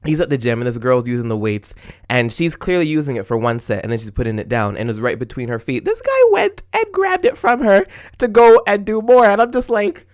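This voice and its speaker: Animated young man ranting on a podcast. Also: a little high, fairly quick. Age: 20s. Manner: animated and exclamatory, with frequent laughs; acts out his own retorts in quoted asides. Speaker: podcast host. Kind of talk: casual solo rant.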